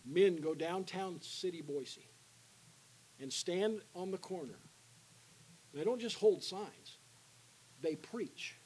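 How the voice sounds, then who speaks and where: A man delivers a church sermon, calling out for answers from the pews and then softening into a quiet invitation. His voice sits slightly high for a man. A faint hiss runs under the recording. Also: low-quality recording. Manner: call-and-response with the congregation, alternating loud and hushed. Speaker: guest preacher. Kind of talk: evangelistic sermon. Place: church sanctuary.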